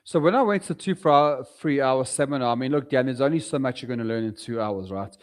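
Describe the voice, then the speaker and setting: Animated South African man telling stories. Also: mid-range voice, quick pace. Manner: animated storyteller, acts out his own past words. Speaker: guest property investor. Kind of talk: casual podcast interview.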